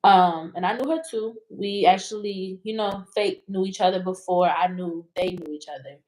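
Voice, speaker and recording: A woman's voice: mid-range voice, normal speed, a little mellow, poor audio. A woman being interviewed, telling a personal story in a rambling, emotional way with many fillers. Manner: rambling, emotional retelling full of "like". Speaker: interview guest.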